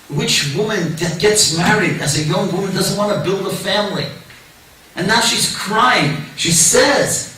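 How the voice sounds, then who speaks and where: A male rabbi giving a lecture to a congregation, telling stories with lively, acted-out voices. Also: on the high side, slight background noise. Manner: animated storytelling, acts out quoted voices. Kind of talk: lecture to a synagogue audience. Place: synagogue hall. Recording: echoey hall, mic at a distance.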